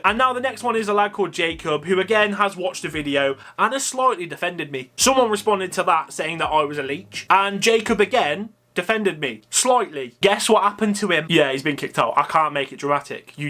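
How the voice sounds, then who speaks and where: A man's voice: sits high, sharp tone. A man with a Coventry accent, talking casually to his viewers in a sarcastic, chatty way full of fillers. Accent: Coventry English. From Coventry, England. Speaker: wildlife YouTuber. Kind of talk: casual vlog commentary.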